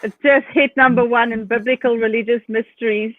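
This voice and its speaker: A woman's voice: fairly high pitch, fairly even intonation, fairly quick, no echo. A woman with a South African accent, a guest author chatting cheerfully over a video call and laughing easily. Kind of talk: casual chat. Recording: dry, tinny call audio.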